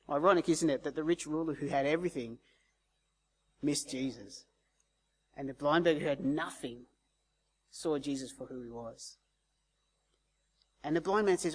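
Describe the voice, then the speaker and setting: A male preacher with a somewhat high voice. He talks through the sermon casually and conversationally. He slips into the voices of the people in the story as he tells it. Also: moderate pace, pauses often, breathy edge. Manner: conversational, acts out quoted voices. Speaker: pastor.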